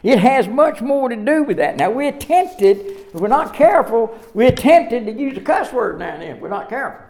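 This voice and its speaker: A man's voice: very high-pitched, very animated, moderate pace, darkish tone. A middle-aged man preaching a sermon, telling folksy stories with frequent laughter. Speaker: pastor.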